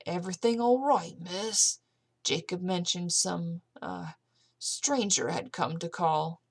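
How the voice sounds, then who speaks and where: A woman's voice: lowish voice, slow pace. A woman doing a rugged, plain-spoken man. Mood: concerned.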